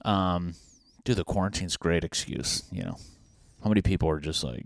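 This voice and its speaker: A man's voice: low voice, expressive, brisk, no room sound. A man in a casual comedic rant at home, crude and profane, rambling with lots of fillers. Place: home apartment.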